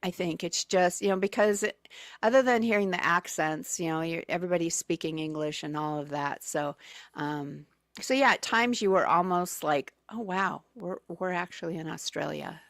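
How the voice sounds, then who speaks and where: A woman's voice: lowish voice, normal speed, no room sound, clean studio sound. A woman telling travel stories as a guest on a radio show, chatty and full of fillers and restarts. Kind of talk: casual radio chat. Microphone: studio microphone.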